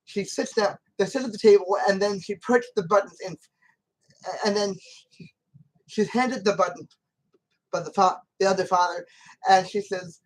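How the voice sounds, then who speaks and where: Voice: medium pitch, steady tone, normal speed, long pauses, poor audio. A channel host talking through a film scene in loose, casual commentary. The delivery rambles and circles back, with frequent false starts, and it turns emphatic when arguing with the character. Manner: rambling and repetitive, with many restarts.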